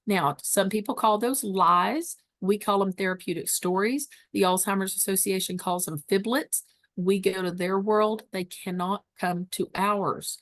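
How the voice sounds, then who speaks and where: A woman's voice: mid-range voice, a bit bright, no room sound, studio quality. A woman giving a webinar lesson on dementia care, teaching emphatically and repeating key phrases. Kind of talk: webinar presentation.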